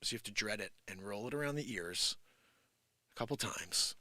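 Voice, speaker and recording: A man's voice: fairly low pitch, fairly quick, no echo. Giggly man riffing on the news. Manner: giggly, rambling, animated. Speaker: live comedy show host. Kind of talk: improvised comedy news riff.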